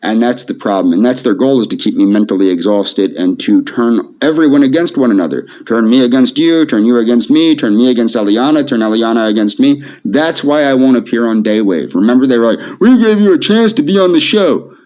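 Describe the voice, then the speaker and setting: A man speaking softly to camera in a pleading, repetitive, emotionally flat way. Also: mid-range voice, fairly quick, hardly any pauses. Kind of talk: pleading video monologue. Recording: dull lo-fi video audio.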